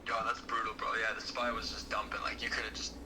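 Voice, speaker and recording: Flat-voiced slangy young man, noisy line. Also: lowish voice, quick pace. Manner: slangy, swears, "like" fillers. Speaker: guest trader on stream. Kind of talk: casual chat. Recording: clear background noise.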